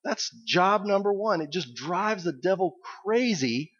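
A man's voice: high voice, expressive, measured pace, a bit bright, slightly rough. A man preaching a sermon as pastor, reflective and conversational. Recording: dull lo-fi recording.

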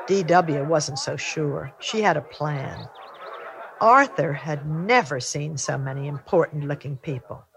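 An older woman from the United States hosting a storytime, reading a picture book aloud with gentle, lively storytelling. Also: sits low, unhurried, gravelly, slight background noise. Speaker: storytime host reader.

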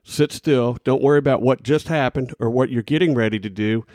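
A man's voice: medium pitch, brisk, darkish tone, no room sound. A man co-hosting a casual podcast, playful and chatty, reading short quotes aloud. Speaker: podcast co-host. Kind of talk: casual chat.

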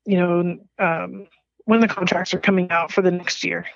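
A woman, a business owner being interviewed, telling her story in an animated way, laughing often and leaping up in pitch when she quotes herself. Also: normal speed, gravelly, dry recording, muffled recording.

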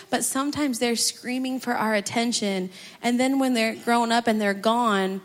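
A middle-aged woman speaking as a church guest, sharing her parenting stories in a chatty, animated way. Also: fairly high pitch. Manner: chatty, animated, acts out her own outbursts. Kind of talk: personal testimony on a church stage. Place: church sanctuary. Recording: long hall reverb.

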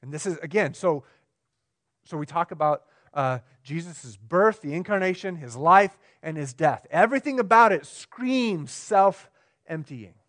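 A pastor preaching a sermon, swinging between emphatic, raised lines and quiet, low ones, often checking in with the congregation. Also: male voice, expressive, unhurried. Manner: asks the room questions, conversational.

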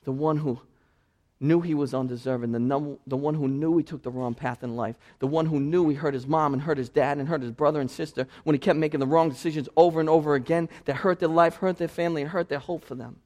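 High-voiced man preaching a sermon. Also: steady tone, fast talker. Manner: storytelling, rising to loud passionate preaching. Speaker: pastor.

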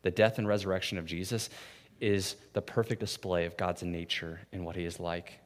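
A man preaching a sermon in a conversational way, often adding "right?" and swinging from hushed, soft passages to loud, intense ones. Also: low-pitched, level tone, moderate pace. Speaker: pastor. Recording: long reverb of a large hall.

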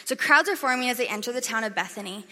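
A woman's voice: on the high side, animated, fast talker, pushed and bright. A young woman giving a casual, chatty sermon, acting out crowd voices as she tells the story. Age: young adult. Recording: echoey hall reverb.

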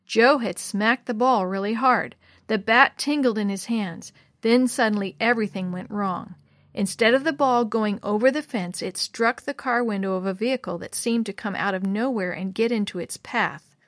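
A woman narrating a storybook in a measured, expressive way. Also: medium pitch, no echo, clean studio sound. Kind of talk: storybook reading.

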